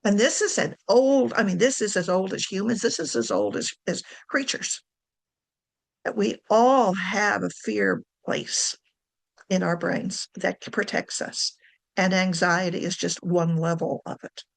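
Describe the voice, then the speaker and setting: A woman's voice: mid-range voice, lively intonation, measured pace, creaky. A woman giving a casual talk on writing to camera, chatty, correcting herself and laughing often. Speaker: writing coach.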